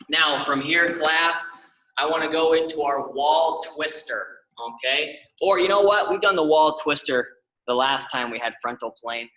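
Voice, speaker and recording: A man's voice: medium pitch, bright, forceful tone, roomy sound, far from the mic, rough recording. A young man leading a stretching class, upbeat and encouraging, often checking in with the class. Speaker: exercise class instructor.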